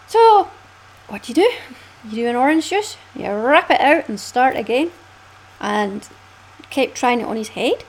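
A Scottish woman hosting a casual knitting podcast, chatty and quick to laugh, often swooping up in pitch. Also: very animated, rough recording. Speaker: podcast host.

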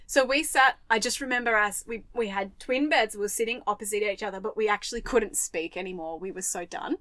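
An Australian woman co-hosting a podcast, telling a travel story in lively detail and acting out the voices she quotes. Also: mid-range voice, a little fast, dry recording. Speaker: podcast co-host. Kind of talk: casual chat, storytelling.

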